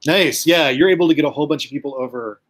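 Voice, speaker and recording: A man's voice: on the high side, fast, slight background noise. A man running a tabletop game as game master, rambling with many ums and uhs.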